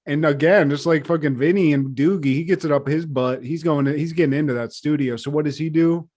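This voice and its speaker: A man co-hosting a podcast in loose casual chat, retelling scenes in a profane, animated way. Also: fairly high pitch, a little fast. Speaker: podcast co-host.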